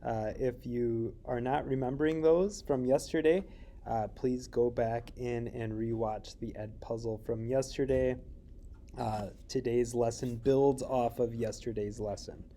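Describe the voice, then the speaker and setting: A man teaches a recorded Spanish lesson, walking through each point with frequent fillers and checking questions. His delivery is slow and deliberate. The voice is mellow and dark. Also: mid-range voice, steady tone, a little hiss or hum.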